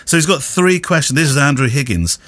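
A man's voice: fairly high pitch, expressive, fairly quick, a bit bright, no room sound. A man co-hosting a podcast, rambling and chuckling as he corrects himself. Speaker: podcast co-host. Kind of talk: casual podcast chat.

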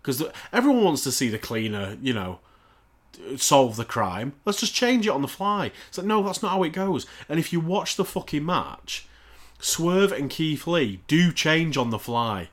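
A man's voice: fairly high pitch, big pitch swings, normal speed. A man, co-hosting a podcast, rants in a casual, sarcastic and heavily profane way. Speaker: podcast co-host.

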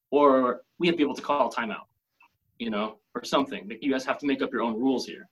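A man's voice: medium pitch, steady tone, fast talker, slightly rough, low-quality recording. A man talking casually on a podcast, explaining his points with examples and plenty of fillers.

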